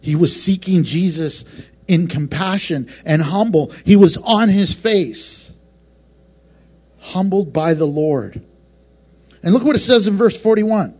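A man with a high voice preaches with passion, swinging from soft, low moments to bright, raised ones and tossing in playful acted asides. The sound is muffled and lo-fi. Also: measured pace, slightly rough. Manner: passionate, varied delivery with laughs and acted asides. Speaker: pastor. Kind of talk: sermon.

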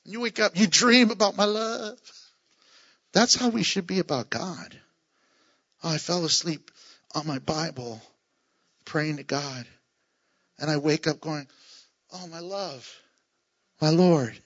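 A man's voice: fairly high pitch, a little slow, pauses often, bright, forceful tone, muffled recording. A man preaching a sermon as pastor, playful, with joking asides and chuckles.

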